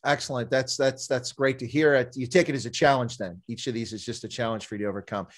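A man's voice: mid-range voice, steady tone, quick pace. A male interview host with a mid-range voice. He talks in a friendly, chatty way, filling gaps with "uh" as he moves between questions. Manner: friendly, chatty, with frequent "uh" fillers. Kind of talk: casual interview.

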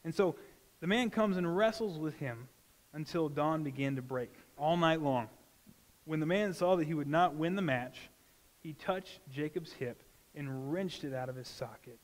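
A pastor preaching a sermon in an earnest, conversational way. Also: male voice, a little high, moderate pace, long reverb tail. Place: church sanctuary.

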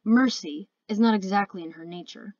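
A woman's voice: mid-range voice, moderate pace, dry recording, dull audio, natural voice. A woman voicing a cold, hissing male ice dragon, curt and threatening, in a storybook reading.

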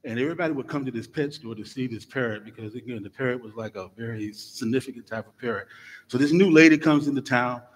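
A middle-aged man, a guest minister, opening his sermon with lively, joking stories for the congregation in a church. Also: medium pitch, fast talker. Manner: lively storytelling, jokes with the congregation. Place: church sanctuary. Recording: long church hall reverb.

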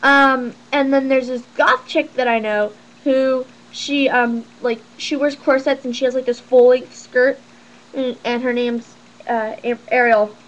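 A woman's voice: on the high side, normal speed, poor audio. A teenage girl ranting casually to camera in a sarcastic, exasperated, rambling way. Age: teens. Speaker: vlogger.

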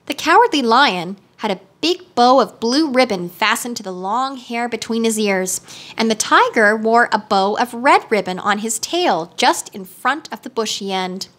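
A woman reading a children's storybook aloud with steady, clear narration. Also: a little high. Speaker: reader.

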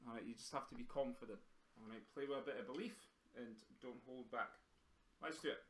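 Over a video call, a man gives a live drumming lesson, chatty and encouraging as he counts in and explains exercises. His medium-pitched voice is a little fast and a bit bright. The computer mic picks up slight hiss or hum, roomy echo, and faint drumming.

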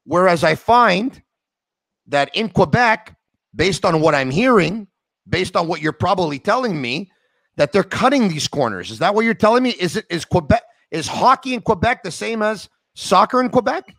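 A man's voice: sits high, expressive, normal speed, gravelly, a bit bright, dry recording. A man in his forties hosting a podcast interview, talking through his point in a conversational way. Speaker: podcast host.

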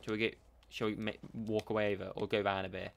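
Streaming a shooter game live, a man chats with his teammate and thanks viewers, calling everyone mate and bro. His voice is fairly low with vocal fry, and he speaks quickly but flatly.

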